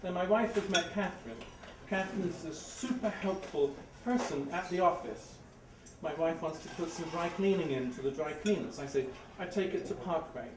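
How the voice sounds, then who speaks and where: A middle-aged man with an English accent tells an animated story at a live story slam, growing louder as it builds. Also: a little high, moderate pace. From England. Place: live event venue before an audience. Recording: roomy, distant, noisy live room.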